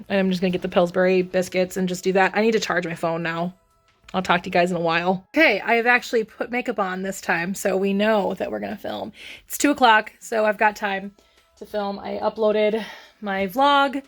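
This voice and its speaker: A woman's voice: medium pitch, steady tone, a little fast, creaky, faint music behind. A young adult woman vlogging casually, talking to herself about her errands in a frazzled way. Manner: frazzled, talks to herself, vents. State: frustrated. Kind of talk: casual vlog chat.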